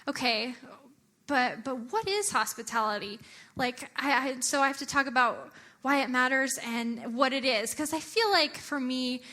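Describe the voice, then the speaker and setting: A young adult woman giving a chatty, animated church talk, often using filler words. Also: high-pitched. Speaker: church speaker.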